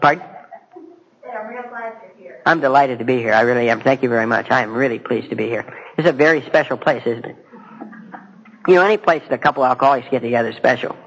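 A man's voice: mid-range voice, quick pace, long pauses, fairly bright tone, low-quality recording. A middle-aged man giving a personal testimony at a recovery meeting, conversational and self-mocking, speaking straight to the audience. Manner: direct to audience, asks questions.

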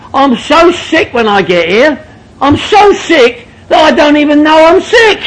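High-voiced London man joking to a crowd. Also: animated, unhurried, fairly bright tone, poor audio. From northwest London. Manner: joking, repetitive rhetorical questions. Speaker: recovery meeting speaker. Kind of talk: speaking to an audience at a recovery meeting.

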